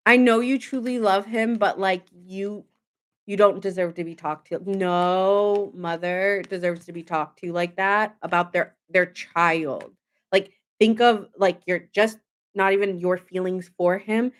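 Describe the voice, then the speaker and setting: A woman's voice: mid-range voice, fairly even intonation, unhurried. Chatty, indignant woman tarot reader. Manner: emphatic, indignant, chatty with many fillers. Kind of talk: casual tarot reading to camera.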